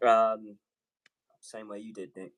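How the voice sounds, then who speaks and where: A man's voice: on the low side, little pitch movement, slow pace, a bit bright, rough recording. A British man, a guest on a casual livestream, telling his story in an earnest, winding way. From Britain. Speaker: guest, airline pilot.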